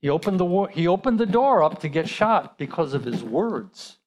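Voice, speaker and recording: A man's voice: on the high side, very animated, moderate pace, darkish tone. A male pastor preaching a sermon in a conversational way, asking rhetorical questions.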